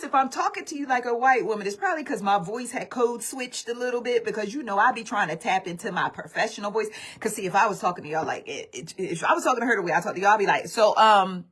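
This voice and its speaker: A woman vlogger telling a story to her viewers in an animated, chatty way, speaking straight to them. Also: a little high, fast, hardly any pauses, husky. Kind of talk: casual storytime livestream.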